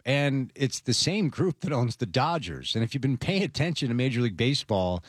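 A man's voice: medium pitch, big pitch swings, brisk, breathy edge, dry recording, clean studio sound. A man hosting a sports talk show, giving confident, opinionated commentary. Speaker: sports podcast host.

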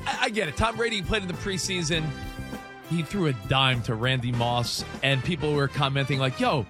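A man co-hosting a sports radio show, arguing his point in an animated, chatty way. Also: a little high, a little fast, music in the background. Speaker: radio co-host. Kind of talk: casual sports radio chat.

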